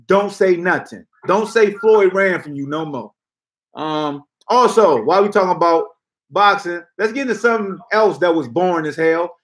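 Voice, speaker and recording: A man with a fairly high voice hosts a sports talk show, ranting bluntly and loosely in casual slang with an animated delivery.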